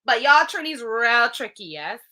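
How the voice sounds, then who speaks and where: Lively high-voiced Bajan woman. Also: unhurried. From Barbados. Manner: playful, emphatic, bursts of laughter. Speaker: guest, soca artist. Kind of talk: casual interview chat.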